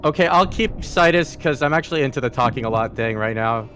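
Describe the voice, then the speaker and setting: A man's voice: mid-range voice, animated, fast talker, fairly bright tone, faint music behind. A man judging on a casual stream, hesitating and deliberating aloud before he decides. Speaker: streamer judge. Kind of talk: casual chat.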